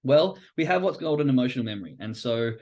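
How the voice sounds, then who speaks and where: A man's voice: mid-range voice, lively intonation, fast, a little mellow. A man hosting a live stream on trading psychology. He talks casually and animatedly, swears now and then, and acts out inner voices. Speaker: host.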